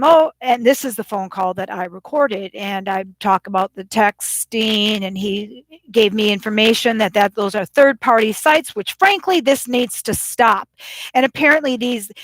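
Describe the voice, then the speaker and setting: A woman's voice: fairly high pitch, measured pace, a bit bright, no echo. A woman vlogger retelling a phone call in an agitated, rambling way, often quoting both sides. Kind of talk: casual vlog rant.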